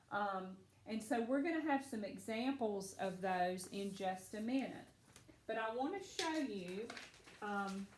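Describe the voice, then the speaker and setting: A woman's voice: mid-range voice, roomy sound. A woman teacher giving a phonics lesson to children, patient and encouraging as she walks them through each step.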